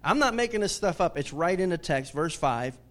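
A male pastor delivers a sermon with lively, conversational energy. His fairly high voice rises to booming emphasis and then drops to near-whispered asides. He chuckles between points and keeps asking the congregation questions. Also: normal speed. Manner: animated, swinging from booming emphasis to hushed asides.

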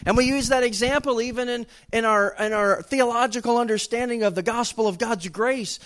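A male pastor, preaching a sermon in a conversational way that rises to loud, emphatic bursts. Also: very high-pitched, brisk, few pauses.

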